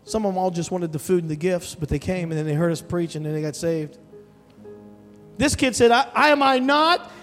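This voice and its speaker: A man preaching a sermon as pastor, telling a story with animated, emphatic delivery and calling out to the congregation. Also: on the high side, brisk. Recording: long hall reverb with soft music behind.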